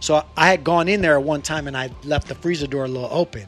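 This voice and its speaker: A man co-hosting a podcast, telling stories in casual chat, animated and swearing freely. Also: on the high side, fast, faint music behind. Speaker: podcast co-host.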